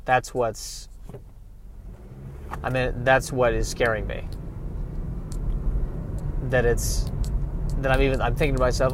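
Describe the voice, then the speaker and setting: A man's voice: mid-range voice, little pitch movement, takes it slowly, pauses often, slight background noise. A man hosting a solo podcast, rambling in a wry, self-mocking way while he drives. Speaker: podcast host. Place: car, driving.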